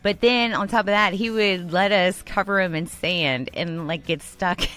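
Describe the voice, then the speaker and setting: A woman's voice: lowish voice, moderate pace, over music. A woman co-hosting a casual chat, rambling and laughing often as she tells stories. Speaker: co-host.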